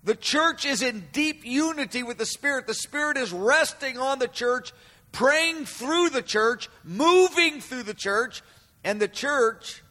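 A man delivers a sermon in a high, bright voice that rings out through a reverberant hall. He speaks with emphasis, circling back over key phrases and drawing quoted cries out slowly and loudly. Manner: emphatic, repeats phrases, swells loud and slow on quoted cries. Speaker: preacher. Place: room with an audience.

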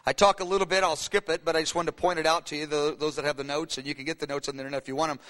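A man preaching a sermon as pastor, animated, acting out the voices of Bible figures. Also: on the high side, very fast. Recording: long hall reverb.

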